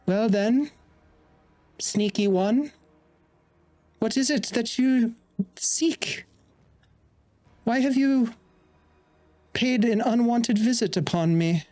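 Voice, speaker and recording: A man's voice: extremely high pitch, takes it slowly, pauses often, dark tone, voice pushed up. A man voicing a sinister sorceress who poses as an old woman, sweet and mocking. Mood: probing.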